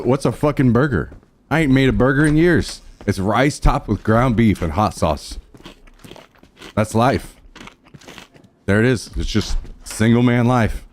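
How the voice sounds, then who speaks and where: Brash, profane male streamer. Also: a little hiss or hum. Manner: brash, profane trash talk to chat; thanks subscribers in a lowered, softer voice. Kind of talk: casual live-stream chat.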